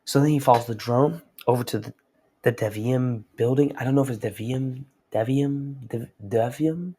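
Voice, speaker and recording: Husky young man in a slangy recap. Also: mid-range voice, steady tone, fairly quick, warm tone. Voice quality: slangy, rambling. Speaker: host. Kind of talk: casual comic recap.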